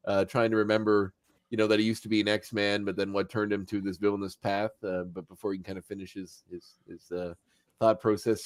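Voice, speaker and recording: A man's voice: lowish voice, no echo, clean studio sound. Chatty man recapping a cartoon episode. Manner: animated storyteller who acts out quotes and chuckles. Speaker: podcast host. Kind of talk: casual podcast chat recapping a cartoon.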